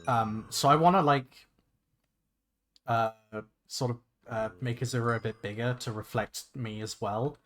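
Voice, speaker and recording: A young man chatting casually on a livestream while he plays a game, rambling and excitable, swearing freely and restarting his sentences. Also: medium pitch, unhurried. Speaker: VTuber streamer. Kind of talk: casual gaming livestream chat.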